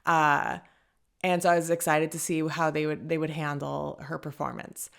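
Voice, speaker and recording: A woman's voice: low voice, fairly even intonation, normal speed, gravelly, a bit bright. A woman hosting a casual commentary show, chatty and hedging, often laughing as she talks. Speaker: podcast host.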